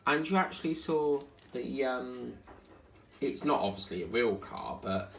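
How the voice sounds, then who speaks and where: A man rambles casually as he works on his craft, his voice rough with a gravelly fry. He is recorded in an echoey room at home with faint noise behind him. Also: medium pitch, lively intonation, measured pace. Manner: rambling, chatty, hums and sings snippets. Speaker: diamond painting vlogger. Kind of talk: casual chat while crafting.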